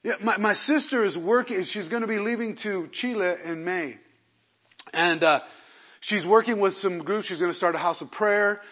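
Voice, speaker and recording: A man pastor preaching a sermon with animated swings between loud emphasis and quiet asides, acting out quotes. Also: high voice, normal speed.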